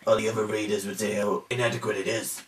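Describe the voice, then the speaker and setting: A fairly low, fairly flat voice close to an everyday one delivers a quick, blustering improvised monologue as a bragging macho rugby player, full of "like" and "you know." It's a comic character in an amateur trailer, recorded far off in a roomy space with music and background noise.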